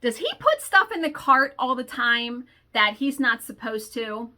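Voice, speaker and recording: A woman's voice: a little high, sing-song, unhurried, bright, forceful tone, exaggerated voice. A woman voicing a chatty, nosy older woman cashier.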